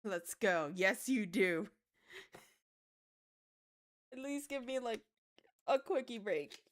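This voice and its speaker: Animated young woman streamer. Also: on the high side, slow pace. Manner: animated, swings from mumbling to excited shouts; swears casually, laughs through stories. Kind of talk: casual livestream chat while gaming.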